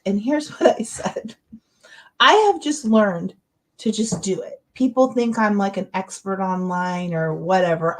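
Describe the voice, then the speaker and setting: Middle-aged woman, chatty livestream host, rambling and encouraging, average pitch. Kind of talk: casual livestream chat. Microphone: webcam or computer mic, livestream.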